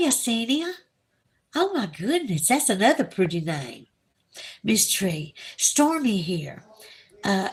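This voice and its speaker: A woman from Alabama with a Southern accent, chatting casually on a livestream and gushing over her viewers. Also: fairly low pitch. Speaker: livestream host. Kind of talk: casual livestream chat reading viewer comments.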